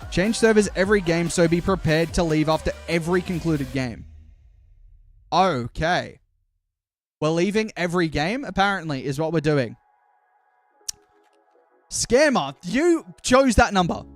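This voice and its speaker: Upbeat high-voiced man streaming. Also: expressive, measured pace, pauses often, soft background music. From Australia. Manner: chatty, playful, addresses chat directly. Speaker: streamer and caster. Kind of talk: casual live-stream chat to viewers.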